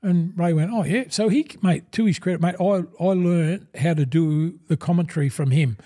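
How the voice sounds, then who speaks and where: An Australian man in his sixties, a former footballer turned broadcaster, telling animated stories in an interview and acting out quoted conversations. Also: a little high, normal speed. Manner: animated yarn-spinner, acts out quoted dialogue, says "mate" constantly. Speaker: guest, former rugby league player and broadcaster. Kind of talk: casual interview storytelling.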